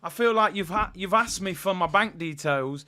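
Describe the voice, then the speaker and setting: A man talks live to his stream viewers. He rants in an animated, exasperated way and keeps calling out to the chat. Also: high voice, moderate pace. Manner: animated, exasperated rant addressing viewers as people. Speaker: football channel host.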